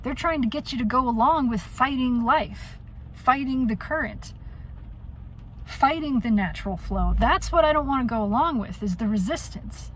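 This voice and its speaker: A woman's voice: sits high, expressive, normal speed, slight background noise, rough recording. A woman venting in a personal monologue, blunt and profane, often trailing off and restarting. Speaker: vlogger.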